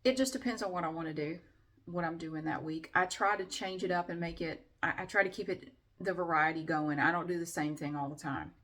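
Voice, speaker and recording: A woman's voice: fairly low pitch, brisk, fairly bright tone. A middle-aged woman vlogging in a casual, chatty way with frequent fillers. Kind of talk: casual chat to camera.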